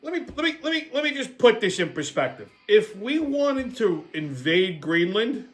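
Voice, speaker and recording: A man's voice: high voice, very animated, normal speed, fairly bright tone, faint music behind. A man hosting his own show with a profane, sarcastic comedic political rant. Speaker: host.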